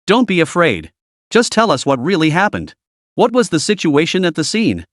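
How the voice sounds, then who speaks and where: Guy doing a strict cop, formal questions, slightly high voice. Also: huge pitch swings, moderate pace, no echo, studio quality. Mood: stern. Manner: formal, stern, procedural. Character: stern male police officer.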